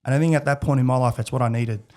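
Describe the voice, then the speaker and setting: Man, 30s, Australian accent, candid, rambling interview guest, mid-pitched voice. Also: steady tone, very fast, darkish tone. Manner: candid, rambling, many restarts and fillers. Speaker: podcast guest. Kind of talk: casual interview chat.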